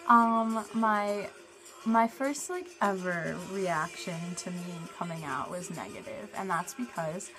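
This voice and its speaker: A young woman vlogging in a casual, chatty way, blunt and quick to swear. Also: on the low side, over music, low-quality recording. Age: young adult. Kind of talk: casual vlog talk to camera.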